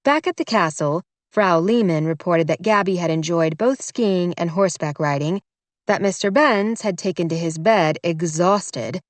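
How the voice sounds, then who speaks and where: A woman narrating a romance audiobook in a measured, wry storytelling manner. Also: on the low side, dry recording.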